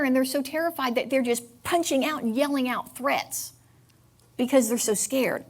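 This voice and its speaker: A woman giving a sermon at church in a candid, confessional way, halting with fillers. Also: sits high, expressive. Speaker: church speaker.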